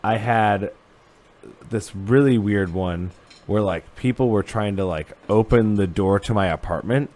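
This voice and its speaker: A man hosting a casual podcast, asking his guest dry, teasing questions. His voice sits somewhat low. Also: measured pace, darkish tone. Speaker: podcast host. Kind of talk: casual interview chat.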